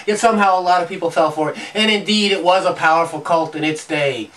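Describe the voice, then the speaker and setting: A man's voice: fairly high pitch, quick pace, fairly bright tone. A man telling animal lore and myth as an oral storyteller, playful, with puns and rhythmic repetition. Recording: distant from the mic.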